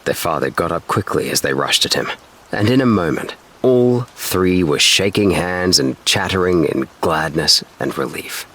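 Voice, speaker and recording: A man with a notably low voice reads a bedtime story aloud in a slow, steady, soothing manner. His delivery stays even and unhurried throughout. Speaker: narrator. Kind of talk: calm bedtime story reading.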